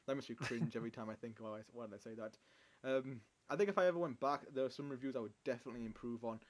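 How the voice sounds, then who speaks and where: A fast-talking man with a medium-pitched voice co-hosts a casual podcast. He rambles, pokes fun at himself, and laughs often.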